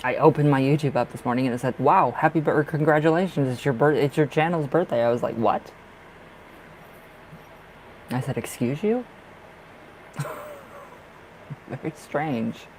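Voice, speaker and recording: A man's voice: mid-range voice, moderate pace, long pauses, a little hiss or hum, rough recording. Chatty man giving a live tarot reading. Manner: chatty and expressive, laughs often, talks straight to viewers. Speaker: tarot reader hosting a live stream. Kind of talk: casual live-stream chat with viewers.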